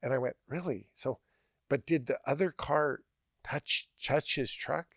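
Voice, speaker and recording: Animated man telling a funny story. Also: medium pitch, dry recording, studio quality. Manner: animated, laughing, quick restarts. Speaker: podcast host. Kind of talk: casual storytelling.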